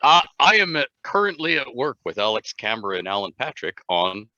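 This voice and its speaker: A man guests on a casual talk show as an author, talking in a wry, joking way. His voice is very bright and moves all over in pitch. The sound is dry and close. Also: sing-song, brisk, no echo, muffled recording. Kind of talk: casual chat.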